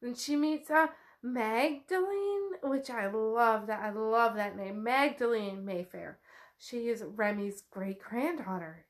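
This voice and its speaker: A woman's voice: on the high side, takes it slowly. A woman casually retelling the chapters of a novel, chatty and loose, swearing freely and saying "like" a lot. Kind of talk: casual book recap.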